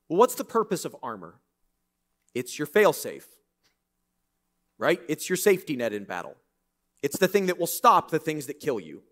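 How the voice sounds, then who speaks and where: Lively joking man preaching a sermon. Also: on the high side, normal speed, long pauses. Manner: animated, conversational, joking asides. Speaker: pastor. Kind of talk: sermon with scripture reading. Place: church.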